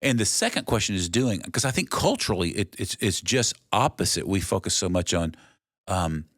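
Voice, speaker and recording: A man's voice: deep voice, sing-song, normal speed, a bit bright, no room sound, studio quality. A middle-aged man co-hosting a podcast in casual chat, reflective and telling stories. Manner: reflective, storytelling. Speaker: podcast co-host.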